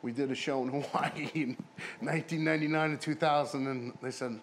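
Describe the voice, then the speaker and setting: A man's voice: medium pitch, fairly even intonation, fairly quick, slight background noise. A man, a former pro wrestler, telling rambling, profane stories in a casual interview and putting on other people's voices.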